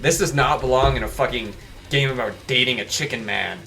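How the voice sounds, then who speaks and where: Man, gaming commentary, irreverent and sweary, bright voice, faint music behind. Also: medium pitch, fairly quick, vocal fry. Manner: irreverent, swears, jokes, reads game text aloud. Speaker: gaming video host. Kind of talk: casual let's play commentary.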